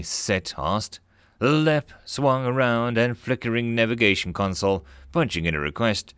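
A man narrating a science fiction story in an expressive storytelling manner. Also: mid-range voice, measured pace, clean tone, no echo, clean studio sound.

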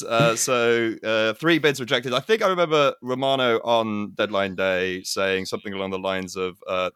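A man's voice: medium pitch, bright, forceful tone, clean tone, no echo, clean studio sound. A man on a football podcast, leading a topic with lots of ums and some self-mocking asides. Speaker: podcast guest, football pundit. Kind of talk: casual chat.

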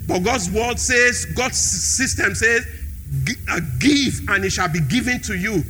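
A man's voice: extremely high pitch, unhurried, pushed and bright, faint music behind. A man preaching a sermon in a church hall, repeating key phrases with emphasis.

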